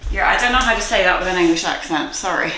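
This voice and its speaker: With a lowish voice and a fast delivery, a woman instructor counts reps through a guided workout, cheering people on and laughing frequently. The mic sits far away in a very echoey room, and the background is noisy.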